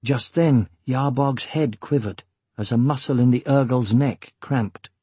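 A man narrating an audiobook with measured, steady storytelling. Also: mid-range voice, slightly rough, no echo. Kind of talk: scripted narration.

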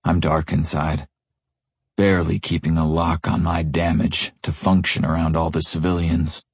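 A man with a very low voice narrates a first-person audiobook with a brooding, gruff edge. The sound is dry and close, with no room around it. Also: little pitch movement, normal speed, no echo.

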